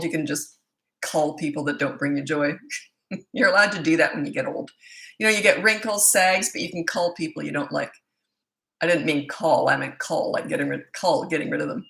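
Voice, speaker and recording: A woman's voice: low-pitched, gravelly, fairly bright tone. Chatty woman in her sixties. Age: 60s. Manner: chatty, rambling, reads out viewer comments. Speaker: parenting coach. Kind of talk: casual live-stream Q&A. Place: home.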